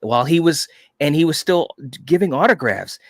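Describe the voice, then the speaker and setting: A man's voice: a little high, animated, a little fast, dry recording, clean studio sound. A man co-hosting a casual chat, telling stories with enthusiasm and lots of "you know". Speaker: podcast co-host.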